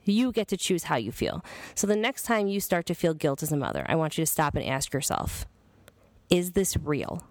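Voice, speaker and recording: A woman's voice: low-pitched, sing-song, moderate pace, no room sound. Woman, 30s, podcast host, blunt, profane, earnest, dry close recording. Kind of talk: casual monologue.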